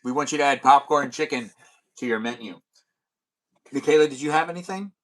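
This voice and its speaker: A man's voice: medium pitch, a little fast, a bit bright, poor audio. A man hosting a casual livestream chat, rambling and thinking aloud with fillers and restarts. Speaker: livestream host.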